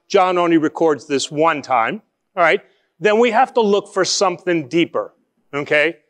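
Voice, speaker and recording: A man with a high voice preaches a sermon in a conversational way. He poses rhetorical questions to his listeners and slows down to stress key phrases before speeding through asides. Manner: lively shifts between quick and slow emphatic phrasing. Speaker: pastor.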